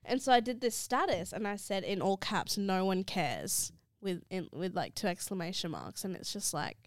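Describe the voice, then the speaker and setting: A woman's voice: mid-range voice, very animated, normal speed, dry recording, studio quality. A young woman co-hosting a podcast, chatting casually and rambling with frequent laughter. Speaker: podcast co-host. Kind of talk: casual chat.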